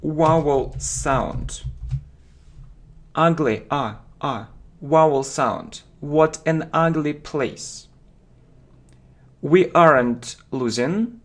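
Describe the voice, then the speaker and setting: A man teaching English vocabulary, speaking slowly and deliberately and repeating each word for learners. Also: on the high side, fairly bright tone. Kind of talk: slow vocabulary lesson with drills.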